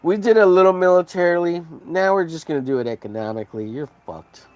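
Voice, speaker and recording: A man's voice: high voice, fast, darkish tone, no room sound, muffled recording. A man hosting a podcast, ranting casually in a profane, rambling, heated way. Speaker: podcast host. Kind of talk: casual rant.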